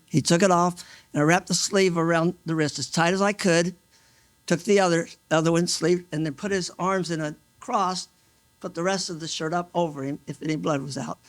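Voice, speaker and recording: A mail carrier in his sixties tells an emotional first-person story about a rescue at an awards event, speaking into a stage microphone. He is earnest and halting, restarting often and acting out what people said. His voice is on the high side with fairly even intonation, and the recording is dry.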